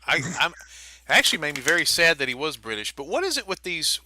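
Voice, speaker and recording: Bright-voiced joking man. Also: fairly high pitch, fast talker, slight background noise. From Baltimore. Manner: joking, animated, teasing. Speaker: podcast co-host, wrestler. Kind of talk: casual podcast banter.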